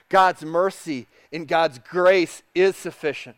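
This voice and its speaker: A man preaching a sermon, reading quotes aloud and dropping to a soft hush for tender passages. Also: a little high, a little slow, hardly any pauses, clean tone, dry recording, clean studio sound. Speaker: pastor.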